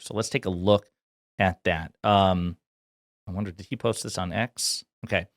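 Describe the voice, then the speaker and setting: A man's voice: low-pitched, moderate pace, dry recording, clean studio sound. A man from Kentucky giving casual political commentary in a blunt, sarcastic, profane way.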